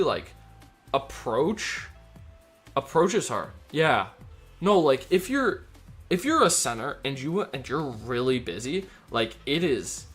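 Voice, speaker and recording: A man streaming a flight game, chatting loosely with lots of fillers and switching into crisp radio phraseology as a tower controller. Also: mid-range voice, a bit bright. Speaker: streamer and virtual air traffic controller. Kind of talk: casual live-stream chat.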